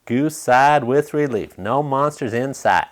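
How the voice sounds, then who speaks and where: A man's voice: medium pitch, a little slow. A man reading a children's storybook aloud, playful and chuckling between lines.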